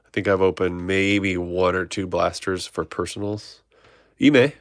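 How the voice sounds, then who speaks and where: A man's voice: low voice, steady tone, unhurried, dry recording, studio quality. A man hosting a trading card break, reading off player names and chatting with viewers. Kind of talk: live card-opening stream chat.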